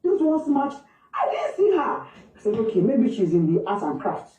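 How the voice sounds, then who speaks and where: A Nigerian woman with a mellow, fairly high voice tells her story in a slow, halting, emotional way. She sounds far from the mic, in an echoey room, through a dull, muffled recording. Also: big pitch swings. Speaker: grieving mother recounting events. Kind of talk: emotional personal account. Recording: distant, echoey, muffled replayed clip.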